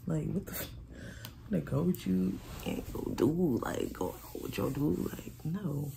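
Woman, casual storytime vlog, very gravelly fry, candid and profane, faint background hiss. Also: low-pitched, big pitch swings, unhurried, mellow. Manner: candid, swearing, repeats herself, quotes friends dramatically.

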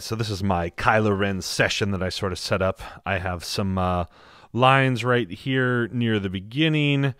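A man's voice: fairly low pitch, unhurried, fairly bright tone, no room sound, studio quality. A man hosting an audio tutorial in a rambling, jokey, profane way. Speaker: tutorial host, sound designer. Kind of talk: casual tutorial talk.

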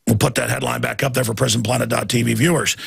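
A man's voice: medium pitch, steady tone, quick pace, creaky, slightly rough. A man hosting a talk show, ranting emphatically and jumping from one story to the next. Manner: ranting, emphatic, jumps between stories. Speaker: radio talk show host. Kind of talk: heated monologue.

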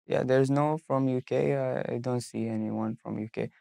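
A young man, a university student, speaking halting non-native English with frequent restarts in a casual interview. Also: mid-range voice, steady tone, gravelly, dark tone, no room sound.

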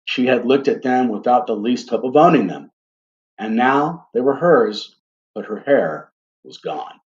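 A man reads a story aloud with a gentle, deliberate delivery. His voice sits at a middle pitch, and he turns to his listeners now and then. The recording sounds dull and lo-fi. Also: animated. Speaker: reader. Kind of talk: storybook reading.

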